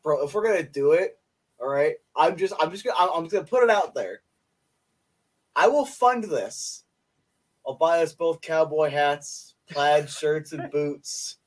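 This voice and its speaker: A man's voice: a little high, lively intonation, measured pace. A young man co-hosting a podcast in casual chat, joking around and laughing often. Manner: playful, laughs often, jokey. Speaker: podcast co-host.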